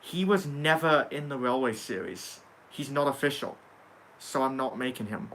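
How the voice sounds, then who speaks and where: A young man with a bright, forceful voice chats casually on a livestream. He reads viewer comments aloud and answers them with dry sarcasm and offhand swearing. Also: mid-range voice, moderate pace, slight background noise. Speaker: livestream host reading chat.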